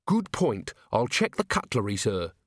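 An eager, earnest young constable, voiced by a male narrator, keen to help and answering respectfully. He speaks a little higher than the narrator's own voice, read close and dry. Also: wildly swooping pitch, measured pace, no echo, full character voice. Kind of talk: audiobook character voice.

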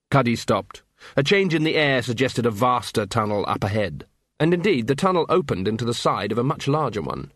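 A man's voice: medium pitch, big pitch swings, brisk, fairly bright tone, dry recording. Man narrating a story, dry sound. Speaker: audiobook narrator. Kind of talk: scripted narration.

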